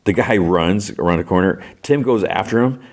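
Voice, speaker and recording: A man's voice: low voice, normal speed. A male podcast host giving a casual, rambling recap of an episode, filling his talk with "like" and "you know.". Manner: rambling retelling full of "like" and "you know" fillers.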